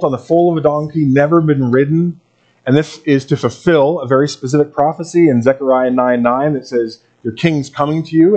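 A man pastor reading a Bible passage aloud and then preaching in a relaxed, conversational way to his congregation. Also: medium pitch, highs cut off. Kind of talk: sermon.

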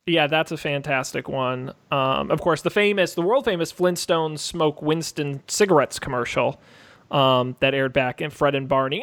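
A man's voice: a little high, lively intonation, moderate pace, a bit bright. A man co-hosting a casual chat, talking in a chatty, wry way. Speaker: co-host.

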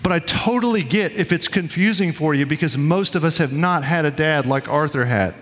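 A man preaching a sermon to his congregation in a relaxed, conversational way, telling stories and acting out quotes. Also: a little high, moderate pace, long reverb tail. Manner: conversational, storytelling with quoted voices. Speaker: pastor. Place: church sanctuary.

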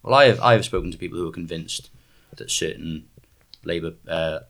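A young man hosting a casual political chat, animated and full of excited restarts. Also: deep voice, brisk. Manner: animated, stumbling restarts when fired up.

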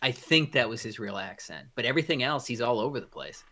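A man's voice: medium pitch, sing-song, fast talker, pushed and bright. A man co-hosting a podcast, chatting casually, rambling with many restarts and a blunt edge. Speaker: podcast co-host. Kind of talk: casual chat.

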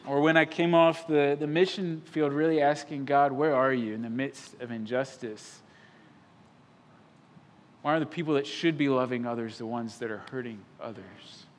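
A man preaching a sermon as pastor, emphatic, swinging from loud declarations to hushed, quiet lines. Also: mid-range voice, steady tone, moderate pace, a little hiss or hum. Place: church sanctuary.

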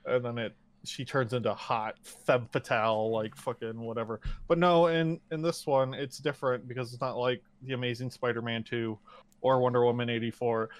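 Recorded dry, a man talks movies in a relaxed, profane way, his medium-pitched voice moving at a moderate pace. His storytelling is animated, with small quoted voices acted out.

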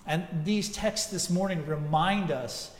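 A man's voice: fairly high pitch, unhurried. A man preaching a sermon as pastor, telling a story in a conversational way with frequent asides. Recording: echoey church hall.

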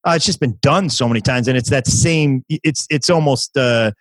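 A man's voice: medium pitch, normal speed, dry recording. A man who is a comedian guest on a podcast, chatting casually and agreeably, often murmuring assent. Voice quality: agreeable, frequent backchannel affirmations. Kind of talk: casual chat.

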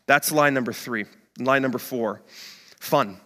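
A man's voice: medium pitch, measured pace, a bit bright, in a large hall. A male pastor preaching a sermon in a conversational way, often saying "like".

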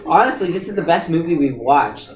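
A man's voice: on the high side, lively intonation, a little fast, crowd noise. A young man chatting casually with friends during a movie watch, blunt and profane, with wry complaints. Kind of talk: casual chat. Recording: roomy room, faint ambient noise.

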